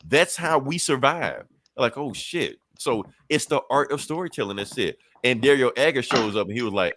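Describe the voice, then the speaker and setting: Animated man recapping comics, dry close mic. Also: mid-range voice, dry recording. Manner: animated, acts out characters' lines in quick asides, swears freely. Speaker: podcast host. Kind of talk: casual comic book recap.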